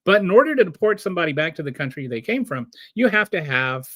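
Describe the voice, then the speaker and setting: Lively, high-voiced man ranting. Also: fast talker, dry recording, studio quality. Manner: animated, with many restarts and rhetorical questions. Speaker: show host. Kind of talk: casual political commentary.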